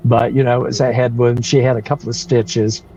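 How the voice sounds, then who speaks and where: A man's voice: mid-range voice, level tone, fairly quick, mellow, lo-fi sound, a little hiss or hum. A man, telling a story on a livestream in a rambling way, with restarts and chuckles. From North Carolina. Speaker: guest storyteller.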